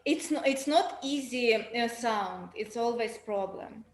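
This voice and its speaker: A woman whose first language is Russian, a student speaking in short, halting sentences over a video call. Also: on the high side, a little hiss or hum. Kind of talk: class discussion. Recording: roomy echo.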